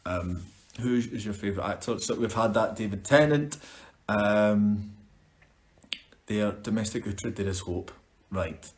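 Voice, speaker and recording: A man's voice: lowish voice, measured pace, pauses often. A young Scottish man, an actor, chatting upbeat on a live stream as he answers viewer questions. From Scotland. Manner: chatty, upbeat, restarts words. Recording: roomy echo.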